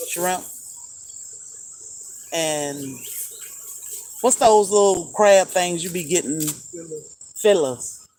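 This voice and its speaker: A woman's voice: lowish voice, very slow, long pauses, darkish tone, a little hiss or hum, poor audio. A woman hosting a homestead livestream, chatting casually and laughing as she answers viewer comments. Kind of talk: casual live chat.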